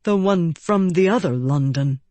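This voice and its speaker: Bashful young guard, earnest and gentle, read by a woman narrator; low, unhurried. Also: expressive, no echo. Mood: earnest, shy. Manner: shy, earnest.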